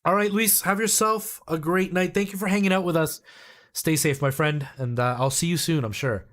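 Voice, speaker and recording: A man's voice: a little high, moderate pace, fairly bright tone. A man from El Salvador, a game streamer chatting casually with his live viewers and explaining things at length.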